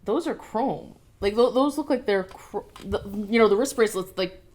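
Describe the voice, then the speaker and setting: Woman, young adult, toy review co-host, playful, jokey, animated chat. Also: medium pitch, moderate pace.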